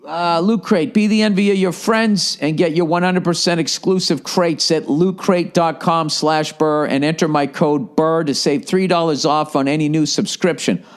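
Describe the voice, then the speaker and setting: A man's voice: steady tone, normal speed, few pauses. Profane storytelling man, Boston accent. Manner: profane, storytelling, swings from low mumbling to loud. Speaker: podcast host. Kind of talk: casual rambling monologue.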